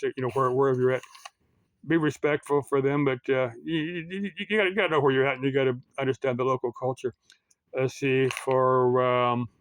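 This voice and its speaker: A man's voice: mid-range voice, no room sound. An American man giving casual, meandering commentary to his channel, full of fillers and restarts. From United States. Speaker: YouTube commentator.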